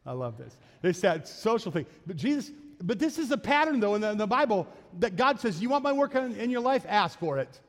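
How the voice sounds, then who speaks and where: A man's voice: high voice, expressive, quick pace, in a large hall. A man preaching a sermon as a pastor, in a conversational style that acts out quotes and asides. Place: church sanctuary.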